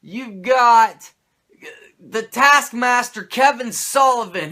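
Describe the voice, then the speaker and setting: A male host running through a comedic wrestling recap, profane and sarcastic throughout. His voice is high and bright, with a pitch that swings all over. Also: very animated, normal speed.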